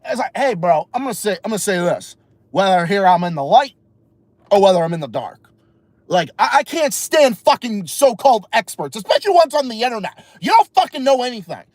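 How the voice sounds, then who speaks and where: High-voiced man ranting with heavy profanity. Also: very animated, brisk, a little mellow, no echo. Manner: heated, swearing, rambling with restarts. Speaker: podcast host. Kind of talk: profane rant. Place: sitting in a car in the dark. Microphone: phone livestream.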